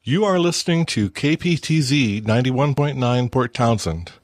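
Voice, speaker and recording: A man reading a scripted radio station break in a measured, formal way. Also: mid-range voice, lively intonation, no room sound, studio quality.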